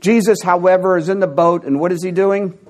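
A man's voice: high-pitched, fairly even intonation, fairly quick, a little mellow. A man preaching a teaching sermon, with wry asides and bursts of amusement. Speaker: pastor.

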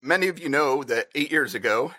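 Bright earnest man at a church lectern. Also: on the high side, lively intonation, no echo, clean studio sound. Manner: earnest, halting with fillers, briefly emotional. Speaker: church member giving a personal reflection. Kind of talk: personal reflection talk to a congregation.

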